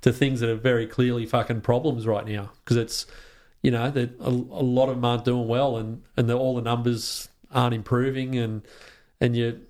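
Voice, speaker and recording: An Australian man guests on a relaxed podcast chat, speaking at an ordinary middle pitch and a moderate pace. He talks with real passion, swearing freely and restarting sentences as his thoughts race ahead in this casual conversation.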